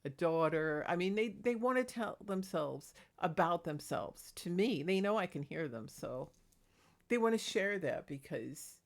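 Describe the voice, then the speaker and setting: A woman's voice: on the low side, lively intonation, unhurried. A woman talking casually in a rambling, chatty vlog about her paranormal experiences, laughing between thoughts. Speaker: paranormal vlogger.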